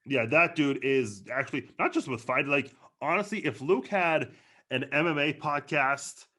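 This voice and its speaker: A man's voice: on the high side, normal speed, pushed and bright. A man talking casually as a guest on a sports podcast, chatty and often hesitating. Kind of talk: casual chat.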